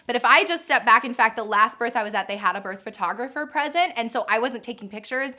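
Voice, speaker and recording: A woman's voice: fairly high pitch, fast, bright, forceful tone. A woman in her thirties, a birth coach and nurse, chatting through viewer questions in a casual vlog, gushing and laughing often.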